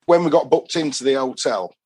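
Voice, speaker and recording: Brief: Yorkshire bloke, podcast guest, broad rambling anecdotes, mid-pitch everyday voice. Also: male voice, expressive, brisk, a little mellow, breathy edge. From England. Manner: rambling storyteller, chatty and broad. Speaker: guest, football fan. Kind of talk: casual anecdotal chat.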